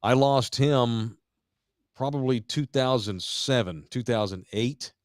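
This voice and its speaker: A man's voice: mid-range voice, slow pace, no room sound, clean studio sound. Profane storytelling man in his forties. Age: 40s. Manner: profane, animated storyteller, shouts quoted lines. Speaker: podcast host. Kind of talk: casual storytelling chat.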